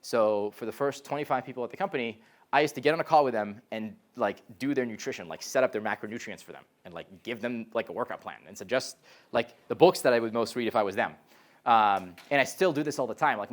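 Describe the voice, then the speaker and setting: Lively young man telling startup stories. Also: medium pitch, fast talker. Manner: lively storyteller, frequent "like" and "um", animated quoted voices. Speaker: startup founder giving a talk. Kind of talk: live talk to a college audience. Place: college classroom.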